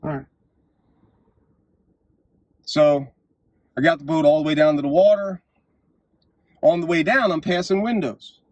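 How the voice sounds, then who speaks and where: A man hosting his own vlog, delivering an impassioned political monologue and telling stories, his voice swinging up to shouts at the climaxes. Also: a little high, fairly even intonation, unhurried, long pauses, dry recording. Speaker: vlog host.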